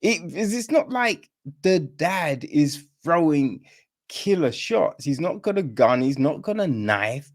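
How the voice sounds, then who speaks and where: A man hosting a film review podcast, talking casually with many fillers and swinging from high exclamations to low mutters. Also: sing-song, slow pace. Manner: incredulous, rambling, with many fillers.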